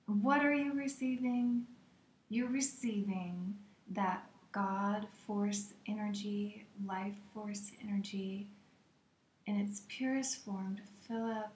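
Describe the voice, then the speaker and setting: A woman teaching a guided meditation in a slow, gentle way, often slipping into a soft whisper. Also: mid-range voice, echoey room, a little hiss or hum.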